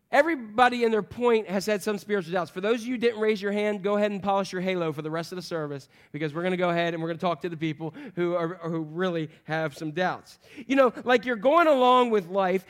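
A male pastor with a fairly high voice, preaching to his congregation. He is animated and joking, and he slips into playful voices for the people in the story. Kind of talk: sermon.

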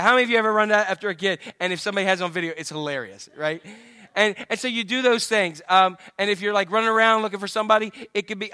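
A middle-aged male pastor delivers a sermon, swinging from hushed lines to loud acted-out shouts. His voice sits high and sounds bright. The sound is dry and close. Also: dry recording. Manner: animated storytelling, acts out the father's voice.

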